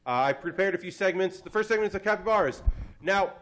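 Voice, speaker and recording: Animated man hosting a comedy panel. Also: high-pitched, fast talker, noisy background. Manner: animated, laughing, self-deprecating. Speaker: host. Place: convention stage with audience. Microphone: handheld or stand mic.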